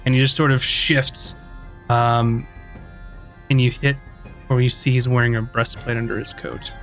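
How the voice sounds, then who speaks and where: A man narrating as game master in a tabletop game, in a relaxed, chatty way with many fillers. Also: mid-range voice, a little slow, faint music behind.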